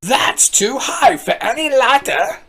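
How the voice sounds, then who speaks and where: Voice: medium pitch, big pitch swings, takes it slowly, bright, forceful tone, husky, pitched above the performer's own voice, full character voice. A storybook reader voicing a stern elderly countrywoman who scolds the others, in a raised voice. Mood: cross.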